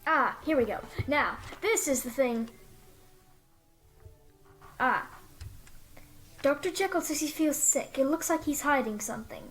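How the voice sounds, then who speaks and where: A woman's voice: high-pitched, expressive, a little slow, pauses often, a bit bright. A woman hosting a let's-play, chatting casually and reading game text aloud in an upbeat way. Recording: faint background music.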